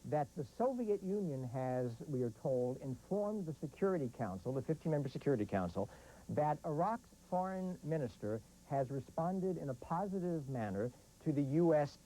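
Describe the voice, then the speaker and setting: A man's voice: medium pitch, mellow, poor audio. A man reporting live as a news correspondent, careful and repeating key points.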